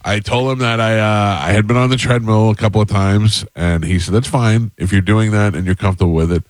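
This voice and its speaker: Deep-voiced middle-aged radio guy, dry studio sound, deadpan storytelling. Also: brisk, dry recording. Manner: relaxed, deadpan storyteller acting out both sides of phone calls. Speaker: radio show host. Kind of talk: casual on-air chat and storytelling.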